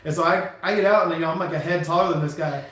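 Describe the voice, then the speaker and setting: A man who drives trucks for a living, from California, rambling through an animated anecdote on a live stream with lots of restarts and chuckles. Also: on the high side, very fast. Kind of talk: casual storytelling on a live stream. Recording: very echoey room.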